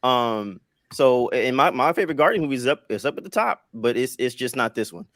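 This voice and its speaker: A man on a casual podcast panel, explaining his film rankings in a halting way, repeating words and leaning on fillers. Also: medium pitch, animated, a bit bright, no echo, clean studio sound.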